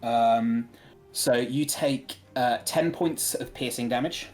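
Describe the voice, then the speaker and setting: A man narrating a tabletop game as game master, relaxed and hesitant, with many filler words. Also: mid-range voice, takes it slowly, soft background music. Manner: relaxed, hesitant with frequent ums.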